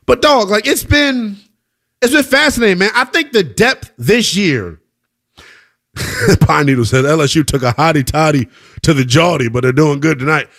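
A man hosting a live sports radio show, hyping scores with swings between loud calls and low asides. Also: animated, moderate pace.

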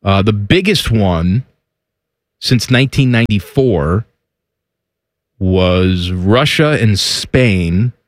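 A man co-hosts a loose sports chat show, rambling and joking as he reads out stats. His lively pitch rises and falls a lot. The sound is close and dry. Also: slow pace, long pauses, no echo. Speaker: co-host.

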